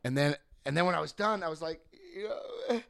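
A man telling a personal story to a group, acting out both sides of a remembered conversation and swinging between loud lines and hushed asides. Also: fairly high pitch, fairly quick, gravelly, a little hiss or hum. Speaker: recovery speaker sharing his story. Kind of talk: storytelling talk.

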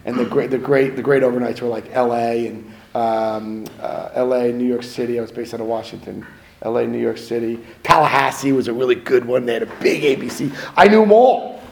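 Telling his own story, this middle-aged man is conversational and self-mocking, voicing other people's lines as he goes. He talks fairly quickly at medium pitch with fairly even intonation and vocal fry, on poor audio carrying a slight hiss or hum.

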